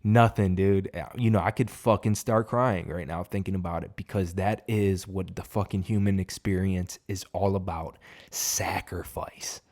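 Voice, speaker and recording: A man's voice: low-pitched, fairly even intonation, moderate pace, hardly any pauses, a little mellow. A man giving a casual, profane fight reaction, rambling and emphatic. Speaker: MMA reaction host.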